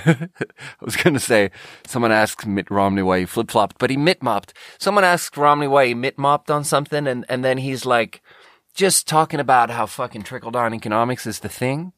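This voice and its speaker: A man talks through a casual podcast monologue at a middle pitch. He wanders and restarts his sentences, swears freely, and the sound is close and dry with no room echo. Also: normal speed, a bit bright. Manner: rambling, self-correcting storytelling. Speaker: podcast host.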